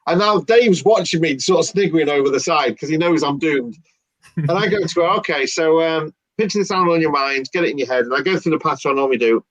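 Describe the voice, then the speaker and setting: Male magician, lively anecdote teller, muffled dry audio. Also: on the high side, fast talker, no room sound. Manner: animated, acts out dialogue. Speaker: guest magician. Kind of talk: casual storytelling.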